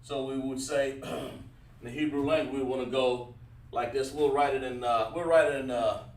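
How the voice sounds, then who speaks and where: A man's voice: medium pitch, fairly even intonation, moderate pace. A man teaching a livestreamed lesson, talking while he writes on a board, with many fillers and restarts. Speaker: Hebrew teacher. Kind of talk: livestream class. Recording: roomy echo, mic at a distance.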